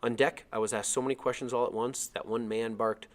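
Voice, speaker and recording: A man reading a chapter of a novel aloud as narrator, with expressive storytelling. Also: medium pitch, a little fast.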